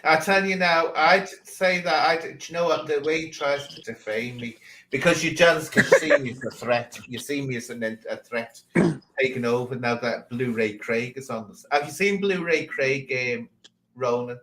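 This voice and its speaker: A man's voice: mid-range voice, normal speed, pushed and bright, a little hiss or hum, low-quality recording. Teasing man hosting a livestream chat. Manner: sarcastic, teasing. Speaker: livestream host.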